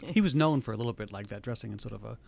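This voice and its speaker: A man's voice: lowish voice, creaky, a little mellow. A man interviewing his mother, prompting her with details and questions. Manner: fast, prompting, fills in details.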